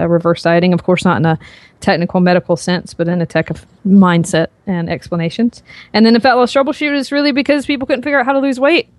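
A woman's voice: on the low side, a little mellow, no room sound. Southern woman, rambling podcast guest. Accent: Southern US, softened. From American South. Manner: rambling, many fillers and restarts, laughs easily. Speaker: guest, author and fitness coach. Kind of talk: casual podcast interview. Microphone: podcast microphone.

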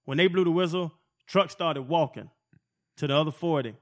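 A man in his forties, a former football player, telling profane, animated stories as a podcast guest. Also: fairly high pitch, moderate pace. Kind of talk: casual storytelling.

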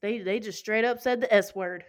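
A woman's voice: mid-range voice, moderate pace. A woman co-hosting a podcast, chatting casually about a film with blunt emphasis and casual swearing. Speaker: podcast co-host. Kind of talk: casual film-recap chat.

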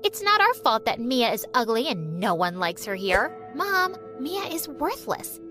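A woman playing a pair of spoiled teenage girls, sneering and cruel, in a storybook podcast. The voice rides up high with a lively, bouncing pitch. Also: a little slow, over music. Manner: sneering, mocking. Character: mean teenage girl sisters, spoiled and cruel.

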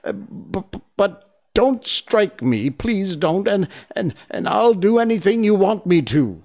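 A man's voice: mid-range voice, big pitch swings, slow, creaky, darkish tone, full character voice. A man voicing a timid little old man posing as a great wizard, stammering and trembling as he speaks in a storybook reading. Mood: frightened.

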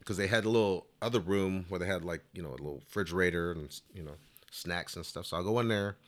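A flute player, a man with a low voice, talks quickly as he tells a long, meandering story in a casual interview, sprinkling in lots of "you know."

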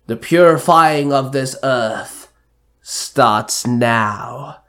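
A man voicing an evil male villain who wants to wipe out humanity, speaking in a slow, menacing drawl. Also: mid-range voice, fairly bright tone.

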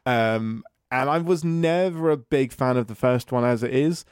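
An enthusiastic man with an English accent, talking through a film with his co-host and laughing easily. His voice sits at a middle pitch. It is recorded close and dry, with no room sound. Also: moderate pace, a little mellow, smooth, no room sound. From England. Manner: chatty, enthusiastic, laughs often. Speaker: podcast co-host and writer. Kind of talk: casual chat.

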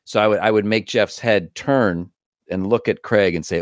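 A man, a voice actor and comedian, telling stories as an interview guest in an animated way, acting out the voices of others. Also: on the low side, normal speed, no echo, studio quality. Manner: animated, acts out quoted voices. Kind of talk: storytelling interview.

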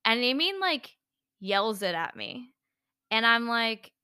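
Bright, chatty young woman. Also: on the high side, sing-song, slow pace, clean tone, no room sound, studio quality. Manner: chatty storyteller, many fillers. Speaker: podcast co-host. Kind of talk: casual chat.

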